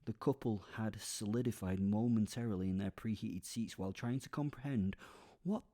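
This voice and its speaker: A man narrates a comic story in the first person for his podcast. His voice sits a little low and has a warm, mellow tone. He rambles into asides and sometimes drops into a whisper. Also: moderate pace.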